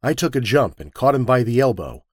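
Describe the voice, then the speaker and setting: Male narrator, wisecracking, dramatic story reading, animated pitch, dry recording. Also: fairly quick, breathy edge, no room sound.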